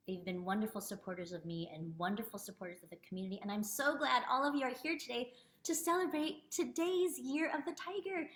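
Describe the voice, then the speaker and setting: A woman author teaching children a language lesson and reading her book, drawing out words slowly so they can follow. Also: fairly high pitch, a bit bright, reverberant. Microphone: video call.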